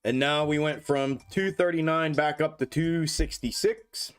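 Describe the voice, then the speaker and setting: A man hosting a casual stock market livestream, talking to his viewers, cursing freely and getting excitable over price moves. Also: on the high side, unhurried, smooth. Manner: profane, excitable, talks to viewers as "y'all". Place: home desk setup.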